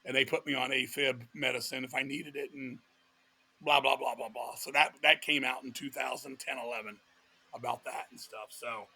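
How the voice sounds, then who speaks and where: A middle-aged metal vocalist from Virginia, appearing as a guest, tells wild, fast-paced, profanity-filled stories in animated casual talk, voicing quoted characters. His mid-range voice is steady, gravelly, sharp and husky.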